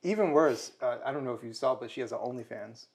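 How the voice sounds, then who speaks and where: A man who is a guest at a casual political chat over dinner at home, animated and laughing often. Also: mid-range voice, quick pace, creaky, a crowd in the background. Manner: animated, laughs a lot, does mocking voices. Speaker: guest commentator.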